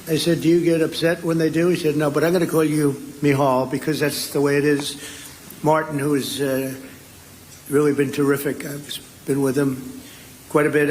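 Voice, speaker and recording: A little hiss or hum sits under this recording of a man at an indoor luncheon. His voice runs on the high side as he speaks at the podium mic, rambling with asides and ad-libs in between his prepared remarks.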